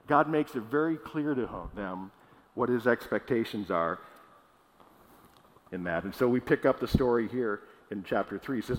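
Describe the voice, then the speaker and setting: A man preaching a sermon as pastor, in a casual, conversational way. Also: medium pitch. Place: church hall. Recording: long hall reverb.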